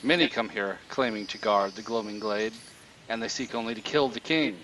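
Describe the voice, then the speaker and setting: A man's voice: on the low side, moderate pace, noisy background, natural voice. A man voicing a wary, agitated talking raven that guards a king in a tabletop game and questions the strangers who approach.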